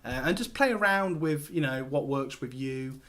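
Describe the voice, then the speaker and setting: A man's voice: mid-range voice, animated, normal speed, a bit bright. A man hosting a casual screen-share tutorial, talking loosely with lots of fillers and restarts as he works. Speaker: host.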